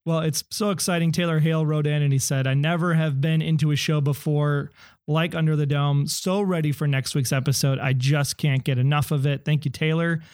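Male podcast co-host, fairly high voice, dry close mic, eager theorizing. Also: fairly even intonation, fairly quick, darkish tone, no room sound. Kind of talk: casual chat, reading listener mail.

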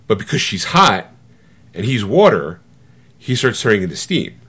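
A middle-aged man co-hosting a podcast, retelling a movie in casual chat with animated, swearing storytelling that acts out other people's lines. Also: on the low side, moderate pace, husky. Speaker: podcast co-host.

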